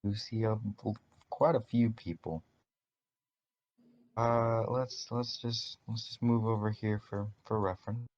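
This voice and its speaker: Low-voiced man running a tabletop game. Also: fairly even intonation, darkish tone, dull audio. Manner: casual, halting narration with repeated restarts. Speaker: game master.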